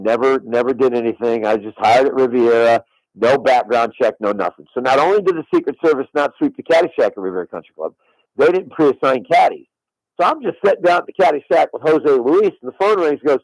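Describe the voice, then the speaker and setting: Man, middle-aged, lively storyteller, dry close studio sound. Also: mid-range voice, fairly quick, dry recording, low-quality recording. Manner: animated storyteller who swears on his daughter's life. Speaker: former caddie telling a story. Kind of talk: radio interview storytelling. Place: radio studio.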